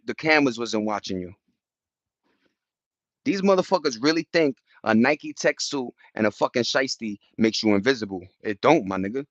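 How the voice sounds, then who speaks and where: A man holds forth on a casual livestream, cursing freely and slipping into quick impressions of other people. His voice sits a little high for a man. The sound is dull and dry, like a phone recording made outdoors. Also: no room sound. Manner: animated, profane street slang, acts out quotes. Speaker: livestream host.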